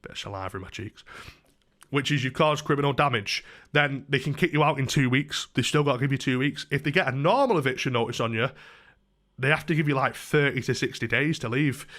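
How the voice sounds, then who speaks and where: A man's voice: mid-range voice, a little fast, fairly bright tone. A young man telling a story in a chatty, casual way, swearing freely. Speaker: vlogger.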